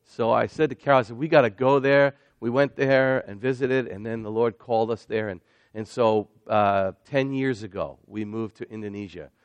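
A middle-aged man preaching an energetic sermon as a missionary, getting excited and building toward shouting. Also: mid-range voice, normal speed, dry recording, lo-fi sound.

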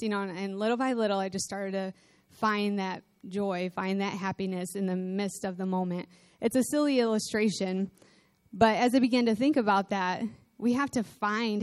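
A woman's voice: medium pitch, no echo. A woman pastor delivering a conversational sermon, telling personal stories with laughing asides.

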